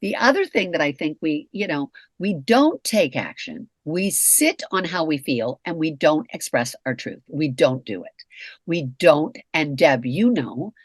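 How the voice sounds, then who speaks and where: A woman's voice: low-pitched, big pitch swings, unhurried, no room sound. Middle-aged lady cohost, frank and sweary, voice swings all over, dry close sound. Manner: frank, profane, emphatic. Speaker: co-host. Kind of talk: candid conversation.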